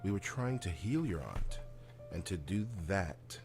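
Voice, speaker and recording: A probing, clinical doctor. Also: male voice, low-pitched, very animated, unhurried, vocal fry, music in the background, heavily acted. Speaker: game character. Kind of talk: studio game voice acting.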